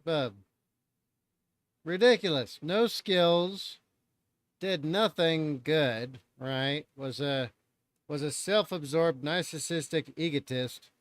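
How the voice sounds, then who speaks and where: Streamer guy chatting casually, bit high voice, dry close sound, swears freely. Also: no room sound. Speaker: live-stream host. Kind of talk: casual live-stream reaction chat.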